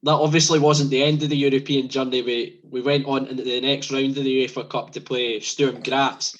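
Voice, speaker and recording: Male interviewer, hesitant, mid-pitched, dull lo-fi audio. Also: level tone, a little fast. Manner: hesitant, repeats openings. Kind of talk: interview questions.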